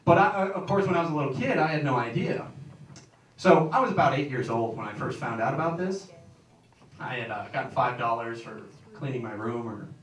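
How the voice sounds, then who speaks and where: Young man, stand-up comedian, rambling self-mocking stories, lively pitch, distant mic. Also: a little fast. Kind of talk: stand-up routine. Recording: echoey room, distant mic, noisy.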